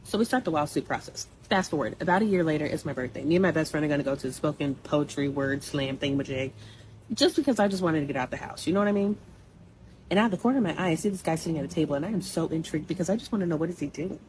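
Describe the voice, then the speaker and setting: Fast-talking low-voiced young woman. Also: a little hiss or hum, rough recording. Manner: blunt, animated, conversational with asides. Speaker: storyteller. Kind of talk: casual personal storytelling.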